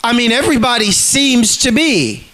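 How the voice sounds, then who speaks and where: A man with a notably high voice rants straight to camera. He is agitated and swears freely, tripping over and repeating his words as he pushes his point. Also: expressive, moderate pace, bright, forceful tone. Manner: profane, agitated, repeats himself. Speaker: vlogger. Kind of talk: ranting monologue to camera.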